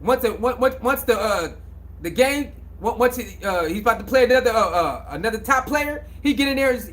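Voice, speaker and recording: A man with a high voice talks in a casual sports commentary monologue. He is emphatic and repetitive and preaches a little, with lots of slang. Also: expressive, fairly quick, a bit bright.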